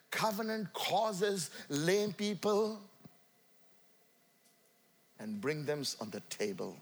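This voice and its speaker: A man with an Indian accent preaching a sermon to a church congregation, swinging from loud calls to quiet asides. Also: sits high, animated, slow, pauses often. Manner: emphatic, rising and falling between loud calls and quiet asides. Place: church sanctuary.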